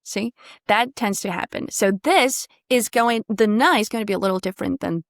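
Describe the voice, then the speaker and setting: Woman voice coach on a video call, bit high pitched, dry sound, drills sounds, fry at the ends. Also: moderate pace, no echo. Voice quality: slides into vocal fry at phrase ends. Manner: encouraging, demonstrative, drills sounds. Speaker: voice and pronunciation coach. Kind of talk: online one-on-one pronunciation lesson.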